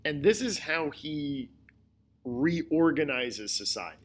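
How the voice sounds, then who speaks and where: Slow, deliberate male history teacher. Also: fairly high pitch, expressive. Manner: slow, deliberate explaining with repetition. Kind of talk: recorded history lecture.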